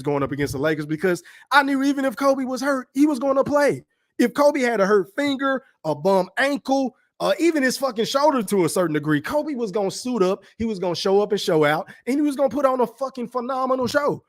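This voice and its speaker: A young man hosting a live chat stream, talking loosely and with a lot of swearing, reading out comments and shouting out viewers. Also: a little high. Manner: loose, profane, streetwise, reads chat aloud. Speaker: livestream host. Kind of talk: casual live-chat talk.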